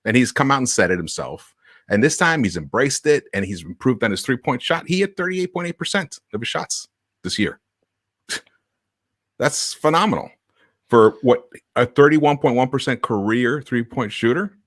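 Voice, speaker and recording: Male panelist, mid pitch, lively intonation, dry sound, excitable and a bit stumbly. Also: moderate pace, no echo. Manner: animated, laughs easily, stumbles over words. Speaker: podcast panelist. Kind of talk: casual sports discussion.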